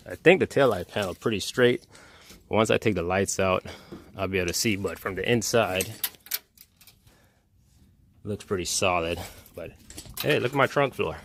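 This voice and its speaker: Deep-voiced guy rambling through his car teardown vlog, real informal, bit of faint noise behind. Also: a bit bright. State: out of breath. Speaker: car restorer. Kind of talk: casual garage vlog walkthrough. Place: home garage workshop.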